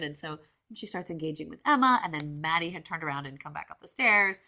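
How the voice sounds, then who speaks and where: A woman in her forties hosting a podcast, telling a story in a chatty, animated way with lots of fillers and quoted asides. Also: low-pitched, fast talker. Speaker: podcast host. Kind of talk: casual storytelling monologue.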